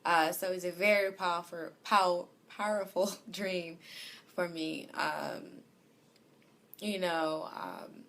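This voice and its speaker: Woman, unhurried and hesitant storyteller, fairly low voice, frequent fillers. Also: steady tone, creaky. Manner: hesitant, many fillers, drifts softer as she goes. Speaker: vlogger. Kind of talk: personal storytelling. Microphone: home recording.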